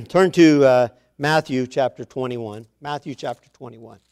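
A man preaching a sermon, reading scripture aloud and swelling louder on the quoted words. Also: medium pitch, lively intonation, slow, vocal fry.

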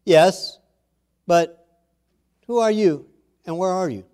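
A man voicing a desperate man hanging from a cliff branch, shouting and pleading in a high strained voice. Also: slow pace, smooth. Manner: frantic high shouting for help.

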